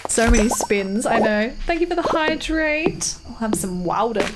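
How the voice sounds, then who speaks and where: A woman's voice: a little high, animated, moderate pace, over loud music. A woman live-streaming a farming game, chatting casually, reading and answering her chat with frequent giggles.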